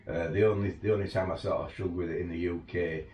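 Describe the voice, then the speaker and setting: A man's voice: sits low, steady tone, quick pace, muffled recording. A man who works as an overland tour guide, casually telling stories and laughing through them. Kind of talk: casual anecdotal storytelling. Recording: roomy, distant mic, faint ambience.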